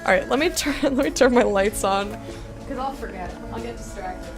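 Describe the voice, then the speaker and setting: A woman streams a game and chats easily with her viewers, reading their messages aloud and giggling, with faint music in the background. Her voice is a little high and her pace moderate.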